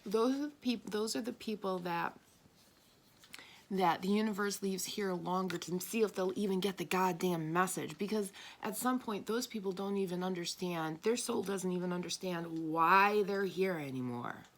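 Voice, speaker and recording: A woman's voice: medium pitch, moderate pace. A woman doing a tarot and spirit reading for an audience, talking bluntly and with emphasis, swearing now and then. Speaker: tarot reader.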